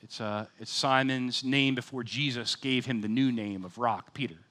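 A man in his fifties preaching a sermon, animated, swinging between loud excited bursts and quiet, sober scripture readings. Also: medium pitch, normal speed. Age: 50s. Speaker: pastor.

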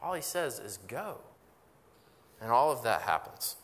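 A man's voice: mid-range voice, big pitch swings, brisk, a bit bright, long reverb tail. A pastor preaching a conversational sermon, asking rhetorical questions and often restarting his phrases.

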